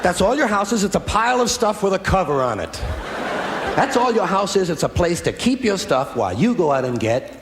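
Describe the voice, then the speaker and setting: Male stand-up, slightly high, repetitive riffing, echoey hall. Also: big pitch swings, fairly quick. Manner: repetitive, riffing observational delivery. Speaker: stand-up comedian. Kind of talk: observational stand-up comedy. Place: stage in a hall. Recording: echoey hall with clear ambient noise.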